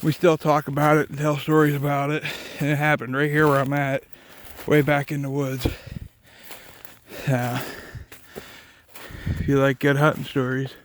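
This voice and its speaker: A man telling rambling, casual stories outdoors in the woods. His voice sits fairly high, and he swears freely as he wanders from one memory to the next. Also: slight background noise. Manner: profane, rambling, laughs at his own stories. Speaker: vlogger.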